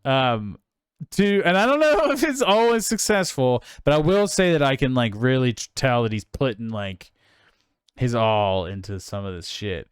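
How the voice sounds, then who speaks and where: A man's voice: mid-range voice, animated, normal speed, clean tone, no room sound, studio quality. A man co-hosting a film podcast, chatting casually and enthusiastically, rambling and swearing freely. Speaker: podcast co-host.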